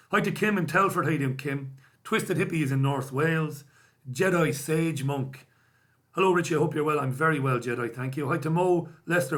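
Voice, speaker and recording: A man's voice: mid-range voice, a bit bright. An Irish man hosting a live stream, chatting casually and wryly as he reads out viewer comments. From Ireland. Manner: casual, wry, self-deprecating banter. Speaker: host.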